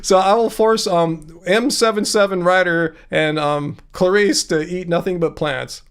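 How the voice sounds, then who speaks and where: Higher-voiced middle-aged man hosting a livestream. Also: steady tone, measured pace, clear, resonant tone. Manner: joking, playful teasing. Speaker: livestream host. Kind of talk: casual livestream chat answering viewer comments.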